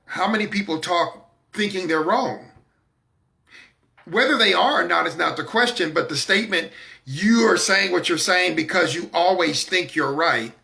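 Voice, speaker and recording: A man's voice: fairly high pitch, creaky, sharp tone. A man hosting a talk broadcast in a preaching-style manner, speaking emphatically and with confidence, repeating words to drive his points home. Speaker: broadcast host.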